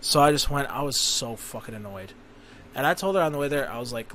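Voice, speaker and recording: A man on a podcast telling a long, profane story about a family fight, getting louder as he rants. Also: medium pitch, expressive, a little fast, noisy background. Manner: profane, ranting storyteller who rises to shouting. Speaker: podcast host. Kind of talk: casual storytelling chat.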